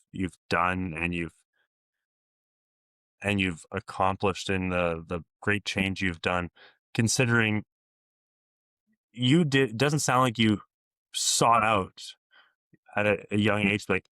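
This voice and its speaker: A man's voice: sits low, fairly bright tone, clear, resonant tone, no echo, studio quality. A man hosting an interview podcast who reflects thoughtfully on what his guest says, speeding up as he builds a point. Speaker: podcast host. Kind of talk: casual interview conversation.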